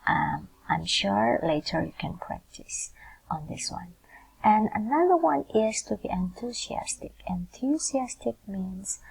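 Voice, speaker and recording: A woman teacher talks through a screencast lecture slowly and patiently. Her voice is heavily gravelly with a husky, breathy edge, and she keeps checking in with her students as she explains. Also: mid-range voice, darkish tone, rough recording. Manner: explanatory, often checks in with "yeah". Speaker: university lecturer.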